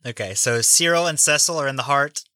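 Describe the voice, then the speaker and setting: A man's voice: medium pitch, a little fast, bright, forceful tone, no room sound. A man narrating a tabletop game as game master, laid-back and often laughing as he describes scenes.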